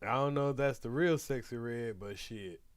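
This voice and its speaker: A man's voice: mid-range voice, normal speed, clean tone. A man hosting a reaction video, giving blunt, slangy commentary and warnings. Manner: blunt, preachy, slangy asides.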